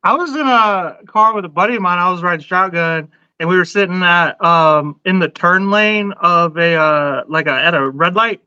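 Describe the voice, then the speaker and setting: A man's voice: high voice, normal speed, hardly any pauses, sharp tone, smooth, dry recording, muffled recording. A male podcast guest chatting loosely, full of fillers and laughs, swearing freely. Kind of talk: casual podcast banter.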